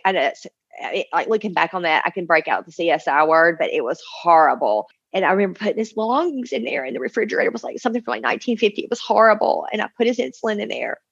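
A woman's voice: lowish voice, gravelly, breathy edge. A woman in her forties, a mother, telling an emotional personal testimony in an earnest, tumbling way, acting out the voices she quotes. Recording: dull lo-fi recording.

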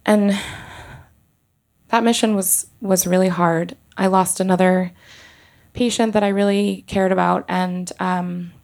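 Low, gravelly woman telling a true story. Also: fairly even intonation, darkish tone. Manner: halting, emotional, many restarts and pauses. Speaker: doctor telling a personal story. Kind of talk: live personal storytelling.

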